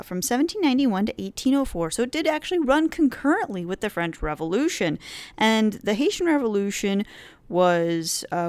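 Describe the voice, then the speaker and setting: A woman with a fairly low, darkish, clean voice hosts a history podcast. She explains events in a casual, chatty lecture style, full of playful asides and frequent filler words.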